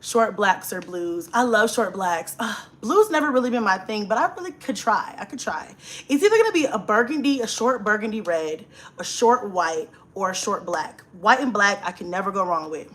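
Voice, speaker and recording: A woman's voice: mid-range voice, animated, moderate pace, fairly bright tone. A young woman, hosting a casual livestream, chatting, laughing often and greeting viewers by name. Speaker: livestream host.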